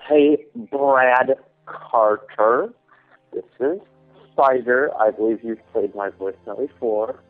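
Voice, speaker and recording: A man's voice: mid-range voice, slow pace, soft background music. Indignant man leaving a voicemail. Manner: earnest, indignant. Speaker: voicemail caller. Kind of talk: voicemail message. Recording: tinny phone voicemail.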